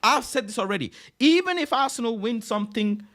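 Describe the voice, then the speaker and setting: A young man hosting a casual livestream chat, excitable and repeating himself, often ending phrases with "bro". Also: very high voice, fairly quick. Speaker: livestream host.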